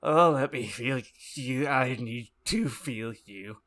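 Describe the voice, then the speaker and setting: A man's voice: mid-range voice, takes it slowly, fairly bright tone, pitched above the performer's own voice. A man voicing a lovesick, emotional teenage boy with an overwrought, pleading delivery, reading aloud from a story.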